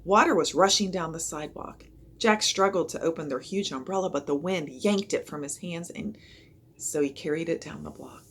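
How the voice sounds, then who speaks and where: A woman reading a children's chapter book aloud in an expressive storytelling manner. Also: low-pitched, normal speed, slight background noise. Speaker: reader.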